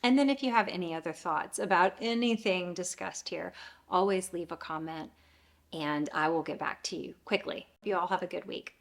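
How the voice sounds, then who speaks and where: Woman, craft podcast host; low, fry-edged voice, easygoing and meandering, lots of ums. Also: normal speed. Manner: relaxed, rambling, with frequent fillers. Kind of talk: casual chat.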